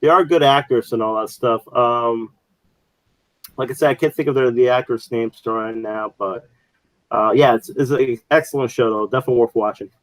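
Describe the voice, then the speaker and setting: Male podcast co-host, mid pitch, dry close mic, loose rambling delivery with lots of fillers. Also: moderate pace, no echo, poor audio. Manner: rambling, many fillers and restarts. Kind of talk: casual chat.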